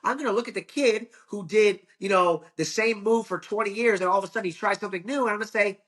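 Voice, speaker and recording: A man's voice: high voice, fast, a bit bright. A young man from Ohio, a wrestling coach, talking earnestly in a casual podcast chat, often repeating words and swearing freely. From Ohio, United States.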